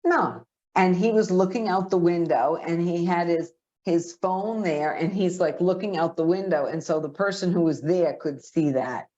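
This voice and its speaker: A woman with a Boston accent, co-hosting a podcast in casual chat, talkative and quick to laugh. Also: fairly low pitch, warm tone. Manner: chatty, laughs often. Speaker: podcast co-host. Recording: dull lo-fi audio.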